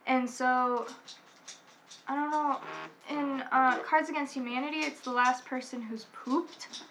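A young woman in casual family chat, explaining game rules haltingly and giggling often. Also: high-pitched, steady tone, a bit bright, a little hiss or hum.

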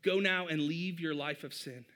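A man's voice: a little high, moderate pace, fairly bright tone. A man in his thirties, a pastor giving a conversational sermon and often addressing the congregation as "you guys".

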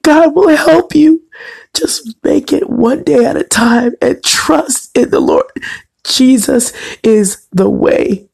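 A woman's voice: fairly high pitch, slow pace, vocal fry, darkish tone, breathy edge. A woman radio host giving a fervent on-air devotional message, tearful and on the verge of crying, repeating her phrases as she preaches.

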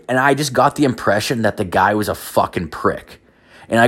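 Profane rambling man, lowish voice. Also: fairly bright tone. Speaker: podcast host. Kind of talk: casual comedic storytelling rant.

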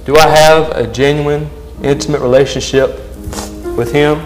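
A man's voice: a little high, fairly even intonation, normal speed, low-quality recording. Earnest male preacher, faint music behind. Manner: earnest, asks the congregation questions. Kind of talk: sermon.

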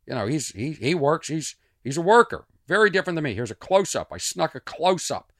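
Male podcast host from Boston, animated storyteller with a lilting, up-and-down delivery in a dead-dry room. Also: fairly high pitch, fairly quick, no room sound. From Boston, USA. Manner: rambling, animated storyteller with asides and restarts. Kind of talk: casual monologue podcast.

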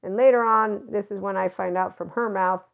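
Gravelly-voiced woman telling blunt stories. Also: medium pitch, fairly even intonation, a little fast. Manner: blunt and profane, laughing often. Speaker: podcast host. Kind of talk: candid storytelling monologue. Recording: dull lo-fi recording.

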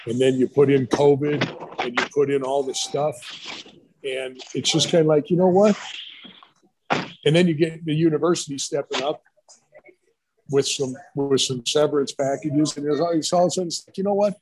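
A man's voice: a little high, steady tone, normal speed, noisy background. A middle-aged man, a retired football coach, telling rambling stories in a casual interview. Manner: rambling, storytelling with quoted voices.

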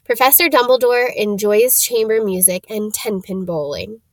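A woman's voice: medium pitch, moderate pace, no room sound. Woman reading a storybook aloud. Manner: steady reading with small stumbles. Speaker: reader.

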